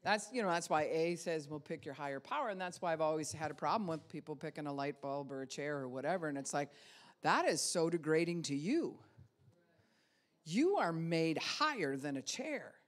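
A woman's voice: deep voice, expressive, moderate pace. A woman pastor giving a casual spiritual teaching talk, conversational, with many rhetorical questions and light laughs.

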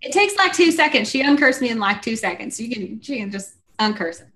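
A woman's voice: on the high side, sing-song, fairly quick, a bit bright. A woman playing a tabletop game, upbeat and chatty. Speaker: player. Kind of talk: casual tabletop-game play.

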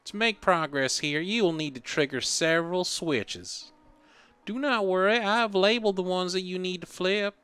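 A man voicing a gentle, motherly old goat-woman caretaker in a put-on Southern US accent. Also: high voice, moderate pace, clear, resonant tone, dry recording, voice pushed up. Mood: reassuring. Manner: gentle, motherly, calls you sugar.

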